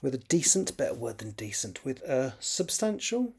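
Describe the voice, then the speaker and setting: A man's voice: mid-range voice, big pitch swings, moderate pace, a little mellow, breathy edge. A man reading aloud from his own novel draft. He often corrects himself and adds wry muttered asides. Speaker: writer.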